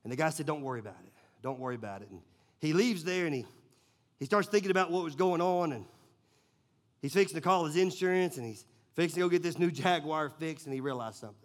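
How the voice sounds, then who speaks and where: A Southern man from Tennessee preaching in a church. His voice sits a little high, and he tells the story with animated swings from loud bursts to near-hushed moments. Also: fast. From Nashville, Tennessee, US. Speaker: pastor. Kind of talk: sermon storytelling.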